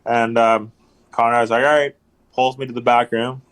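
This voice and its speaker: A man's voice: medium pitch, completely flat delivery, normal speed, a bit bright. A man guest on a podcast, telling casual stories in a rambling way, full of ums and repeated phrases. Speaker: podcast guest, hockey enforcer. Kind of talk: casual storytelling chat.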